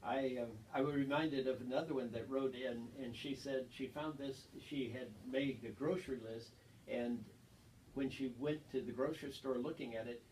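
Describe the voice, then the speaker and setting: Calm male radio co-host, measured delivery, distant mic, light background hiss. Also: medium pitch. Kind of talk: casual radio chat.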